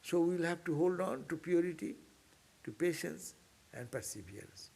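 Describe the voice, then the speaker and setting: Monk guy teaching a scripture class, husky voice, really animated, keeps hammering the same points. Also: a little high, normal speed. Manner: earnest, repetitive, exhorting, with sudden upward bursts. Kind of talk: informal spiritual class lecture.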